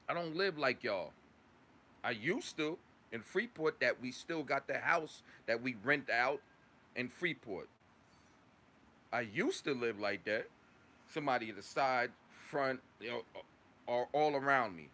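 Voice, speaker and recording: Outdoors at his workplace, a Long Island, New York kennel owner vents in a casual vlog, swearing heatedly and tagging lines with "right?". He sounds animated and sharp at medium pitch, speaking slightly slowly.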